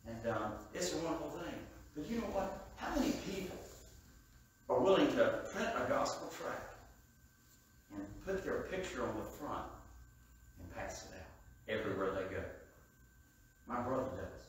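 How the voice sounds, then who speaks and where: An older man preaching a sermon, telling stories that swing from soft asides to loud, emphatic peaks. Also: mid-range voice, big pitch swings, moderate pace, pauses often, slight background noise. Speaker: evangelist preacher. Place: church sanctuary. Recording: echoey church room heard from a distance.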